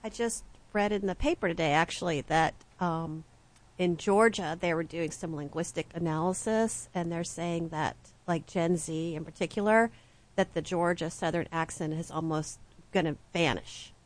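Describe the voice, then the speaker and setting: A woman with a slightly low voice talks in a chatty, animated way during a casual panel discussion. Her delivery is loose and conversational. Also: moderate pace, poor audio.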